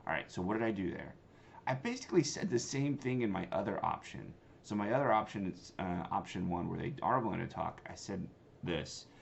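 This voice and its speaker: Deep, gravelly and animated, this man talks briskly as he coaches cold calling in an emphatic, casual, conversational way. He's a sales trainer and company founder giving instruction with demo lines, recorded in slightly dull lo-fi sound with faint noise.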